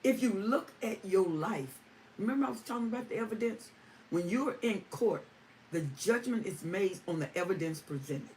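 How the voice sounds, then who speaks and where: Picked up by a distant mic with faint ambient noise, a livestream host with a mid-range, darkish voice and lively intonation responds to viewer comments at a moderate pace. She speaks emphatically, repeating lines to drive her points home.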